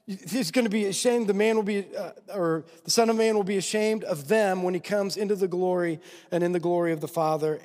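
High-voiced preacher in a reverberant hall. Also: male voice. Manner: conversational, constantly checking in with rhetorical questions. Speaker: pastor. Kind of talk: sermon. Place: church sanctuary. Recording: long reverb of a large hall.

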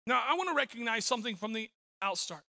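A man's voice: very high voice, expressive, fast, gravelly, bright, forceful tone. A middle-aged man preaching a sermon as pastor, telling stories with frequent repeated words.

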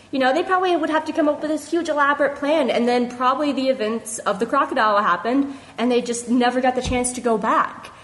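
Young woman ranting earnestly into a voice message, kinda emotional, a bit high voice. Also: low-quality recording. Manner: heated and earnest, many restarts. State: emotional, near tears. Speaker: fan caller sending a voice message to a podcast. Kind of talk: casual impassioned opinion.

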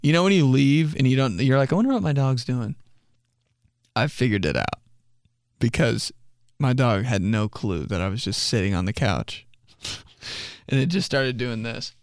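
Lively, animated male podcast host. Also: medium pitch, moderate pace, clean tone, dry recording, studio quality. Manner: animated, swears, laughs at his own jokes. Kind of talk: casual comedic storytelling.

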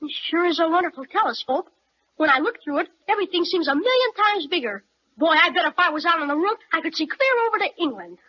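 A woman voicing an eager, curious young boy in an excitable 1930s radio-acting style. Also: very high-pitched, fast talker, slight background noise. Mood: wondering. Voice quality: excitable, full of boyish exclamations. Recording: dull, lo-fi old radio recording.

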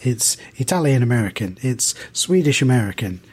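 British podcast co-host, mid-pitch male voice, loose rambling delivery with lots of restarts. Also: big pitch swings, normal speed, darkish tone, breathy edge. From United Kingdom. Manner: thoughtful, rambling with many restarts and fillers. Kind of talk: casual podcast discussion.

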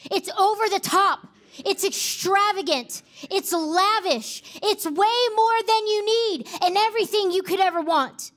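A woman's voice: very high-pitched, unhurried, a bit bright. A woman pastor preaching a sermon, emphatic and repeating key phrases for effect.

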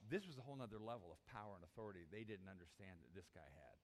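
A man's voice: low-pitched, animated, very fast, slight background noise. A man preaching a sermon, acting out the disciples' pleas in a raised voice. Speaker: pastor.

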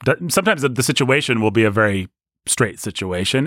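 Animated podcast co-host, man, dry close-miked sound, mid pitch. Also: fairly quick, no room sound. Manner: animated, jumps into high mock voices for jokes. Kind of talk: casual podcast discussion.

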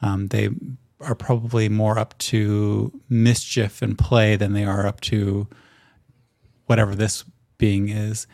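A man narrating a tabletop game as game master, describing scenes in detail with frequent pauses and ums. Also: on the low side, level tone, creaky, darkish tone, dry recording, clean studio sound.

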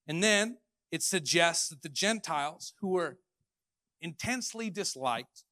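A man preaching a sermon as pastor, animated, swinging between loud declarations and hushed asides. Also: on the high side, no echo, studio quality. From Canada. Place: church hall.

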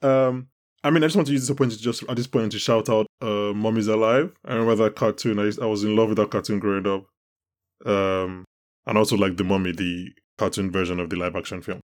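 A man's voice: on the low side, steady tone, quick pace. A man hosting a podcast, chatting casually and animatedly, laughing often and restarting his sentences. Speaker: podcast host. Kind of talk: casual chat.

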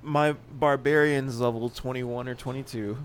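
A man co-hosting a casual podcast, excitable and profane, laughing often as he talks about games. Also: medium pitch, moderate pace, a crowd in the background. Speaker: podcast co-host.

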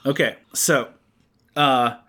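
Guy with a bit of a raspy voice chatting about comics on a podcast, lots of ums and restarts. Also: mid-range voice, steady tone, slow pace, pushed and bright. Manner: rambling, many fillers and restarts. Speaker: podcast co-host. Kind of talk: casual comic book chat. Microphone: studio microphone.

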